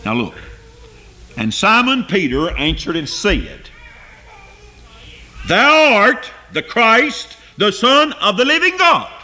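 A man preaching a sermon. He reads scripture and climbs to high, emphatic peaks, then drops low and quiet for his asides. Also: big pitch swings, slow, long pauses.

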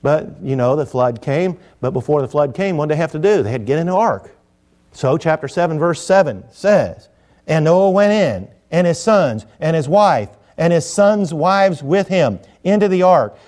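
Folksy preacher with a lively delivery. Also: male voice, on the high side. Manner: folksy, jokey, swings between loud emphasis and quiet asides. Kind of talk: sermon.

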